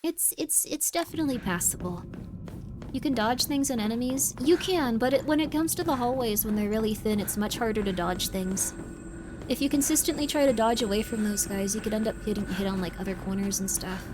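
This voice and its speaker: A woman streaming a horror game live, chatting in a rambling way, full of "like", venting about the combat and then softening. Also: fairly high pitch, a little fast, noisy background. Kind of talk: live gameplay commentary. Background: game music.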